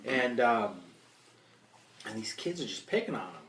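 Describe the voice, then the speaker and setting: A man's voice: medium pitch, big pitch swings, normal speed, fairly bright tone, far from the mic. A man with a mid-range voice chats in a laid-back way, dropping curses as he talks. He is set back from the mic in an echoey room with a faint hiss underneath. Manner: laid-back, swears freely. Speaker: podcast co-host. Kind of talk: casual podcast chat.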